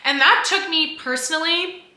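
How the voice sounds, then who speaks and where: A woman's voice: very high-pitched, normal speed, sharp tone, echoey room. A woman in her twenties chatting candidly to camera as a vlogger, with lots of fillers and restarts. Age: 20s. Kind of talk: casual chat to camera.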